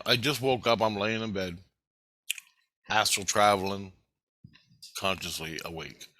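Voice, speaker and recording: Bright-voiced, profane, agitated man. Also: medium pitch, no echo. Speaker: vlogger. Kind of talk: rambling spoken monologue.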